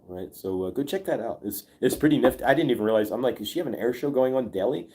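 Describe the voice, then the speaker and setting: A man's voice: on the low side, warm tone. A man hosting a casual morning livestream, talking to his viewers in a loose, rambling way. He is upbeat and full of fillers, and he chuckles now and then. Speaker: host.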